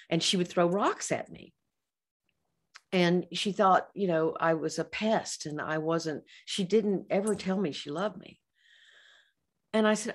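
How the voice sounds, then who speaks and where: Low-voiced woman giving a psychology talk. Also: moderate pace. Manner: conversational, acts out quoted dialogue with restarts and asides. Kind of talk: presentation to colleagues. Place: lecture or webinar setting.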